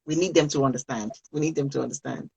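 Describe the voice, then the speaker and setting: A woman's voice: very deep voice, fast, gravelly, mellow, slightly rough, rough recording. A woman coaching parents on a live video call, speaking earnestly and repeating key phrases for emphasis.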